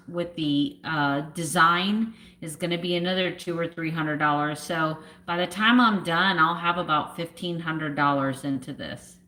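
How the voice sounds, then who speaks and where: A woman in her fifties talks to her livestream viewers at an unhurried, slow pace, in a fairly low voice. She is emotional and close to tears, and her sentences stall on fillers and trail off. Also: bright, forceful tone. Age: 50s. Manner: halting, with many fillers and trailing thoughts. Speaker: vlogger. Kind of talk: casual livestream chat.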